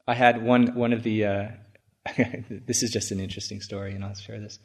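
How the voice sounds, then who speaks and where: A man with a low voice, a Buddhist monk, tells a story to his listeners. He chuckles throughout and often stops and restarts his sentences. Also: flat delivery, a little mellow. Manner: chuckling, halting with many restarts. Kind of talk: storytelling talk.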